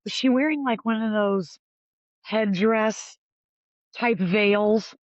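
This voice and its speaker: A podcast co-host thinking out loud in casual conversation, wondering and questioning themselves. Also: medium pitch, takes it slowly, no room sound, lo-fi sound. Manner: musing, self-questioning.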